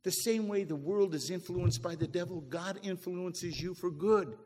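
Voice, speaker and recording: High-voiced man preaching in an echoey hall. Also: moderate pace, noisy background. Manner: preaching with rising and falling emphasis, quoting scripture. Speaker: pastor. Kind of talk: sermon. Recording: echoey hall with long reverb.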